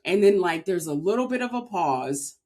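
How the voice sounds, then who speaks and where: A woman's voice: fairly low pitch, animated, moderate pace, warm tone. A woman from Maryland, a podcast guest, telling a personal story in an earnest, heartfelt way with frequent filler words. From Maryland, USA.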